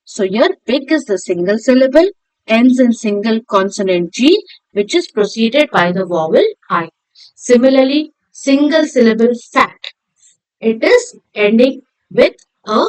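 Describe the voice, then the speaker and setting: Lively woman teaching grammar. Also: a little high, dry recording, poor audio. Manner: slow, drawn-out spelling and syllable drills, asking and answering her own questions. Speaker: English teacher. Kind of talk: classroom grammar lesson.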